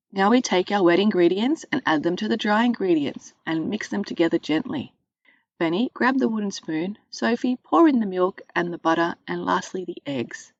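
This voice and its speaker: A woman's voice: fairly low pitch, no room sound, highs cut off. Woman voicing a patient, instructive mum. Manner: gentle, instructive. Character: kind patient mother baking.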